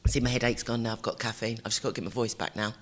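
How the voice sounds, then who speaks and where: Rapid, chatty man, mid pitch, teasing co-host, casual chat. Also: steady tone, fairly bright tone, slight background noise. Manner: chatty, teasing, quick asides. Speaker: podcast co-host.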